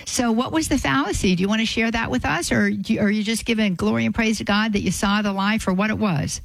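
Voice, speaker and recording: A woman hosts a call-in radio show, praying aloud in an earnest, repetitive way. Her voice sits at a middle pitch. The studio sound is close and dry. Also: fast, creaky, no room sound, low-quality recording. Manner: earnest, repetitive prayerful phrasing. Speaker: radio host. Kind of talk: spoken prayer and call-in radio talk.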